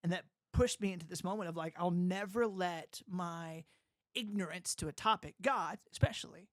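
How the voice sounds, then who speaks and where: A young adult man telling his story as an interview guest, animated, often laughing and acting out the voices of others. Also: high voice, moderate pace, dry recording, clean studio sound. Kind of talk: casual storytelling.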